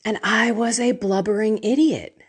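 A woman's voice: on the high side, fairly even intonation, moderate pace, breathy edge. A middle-aged woman talking candidly and emotionally to an online faith group, with a self-deprecating manner. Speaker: faith and life coach.

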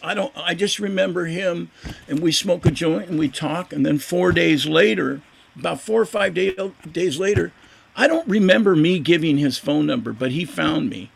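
Older man, gravelly voice, fairly high pitch, animated storyteller, interview guest. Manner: animated, acts out quoted voices. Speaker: guest musician. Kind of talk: casual storytelling.

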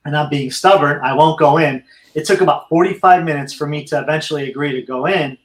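A man's voice: fairly high pitch, fast. Earnest storytelling man, echoey room. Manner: earnest, candid storyteller addressing listeners as friends. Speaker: interview guest. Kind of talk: storytelling in a casual interview.

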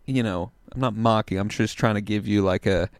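A laid-back man in his twenties rambles through a story while stoned, swearing often and slipping into impressions of the people he met. His voice sits a little low and comes across smooth and clear in a dry, close-miked space. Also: fairly quick, no echo. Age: 20s. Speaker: podcast host telling a story. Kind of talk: casual storytelling chat.

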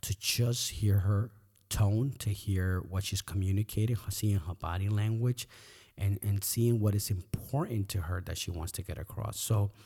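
A man's voice: fairly low pitch, moderate pace, vocal fry, dark tone, breathy edge. A middle-aged man hosting a podcast, talking earnestly and reflectively, often repeating words as he thinks. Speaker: podcast host. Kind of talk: reflective personal talk.

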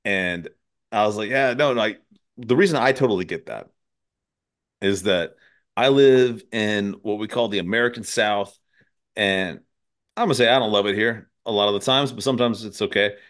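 Male podcast host, deeper voice, casual and profane, easy laugh. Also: normal speed, fairly bright tone. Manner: loose and profane, laughs often. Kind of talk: casual conversation.

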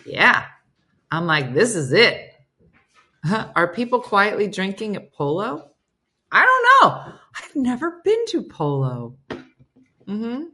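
A woman's voice: mid-range voice, sing-song, slow pace, long pauses, a bit bright. A woman hosting a casual live stream, chatting and storytelling as she reads viewer comments aloud and answers them. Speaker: host reading viewer comments.

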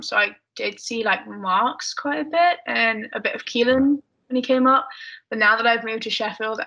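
An English woman talking casually as a podcast guest, rambling through her answers with plenty of fillers. Her voice sits a little high and sounds bright and forward. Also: poor audio. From United Kingdom. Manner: chatty, rambling with many fillers. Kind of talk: casual chat.

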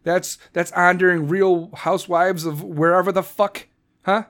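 A man with a high-pitched voice rants on his podcast, angry and loaded with swearing. He talks in heated bursts, firing off questions. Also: flat delivery, measured pace, fairly bright tone. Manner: angry, profane, heated ranting. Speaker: podcast host. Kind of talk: political rant.

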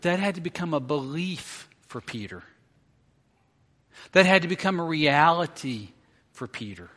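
A middle-aged man preaches as a pastor in a fairly high, somewhat bright voice at a moderate pace. Telling a story, he acts out the quotes with building intensity, and long reverb from a large hall fills the recording.

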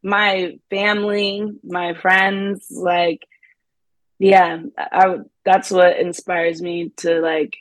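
Young woman, guest actress, chatty and upbeat, quick laughs, dry close recording. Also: fairly low pitch, flat delivery, no room sound. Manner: upbeat, laughs often, many fillers like "like". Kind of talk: casual interview chat.

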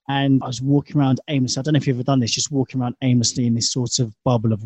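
A man's voice: mid-range voice, steady tone, very fast, few pauses, dark tone, husky, no room sound. British guy rambling on as a podcast guest, lots of "you know", dead dry mic. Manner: chatty, rambling, many fillers. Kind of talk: casual conversation.

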